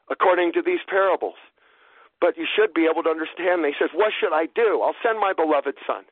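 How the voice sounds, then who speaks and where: A man delivers a Bible sermon with a high, husky voice that swings widely up and down. He stresses his points by repeating them. The sound is narrow and dry, as if heard over a phone line. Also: animated, moderate pace, dry recording. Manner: emphatic, repeats phrases for stress. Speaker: preacher.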